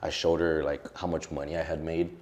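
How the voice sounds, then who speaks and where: A man's voice: rumbling low, level tone, fairly quick, darkish tone. A young man, a social media creator, talking candidly and emotionally in an interview, with lots of casual fillers. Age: young adult.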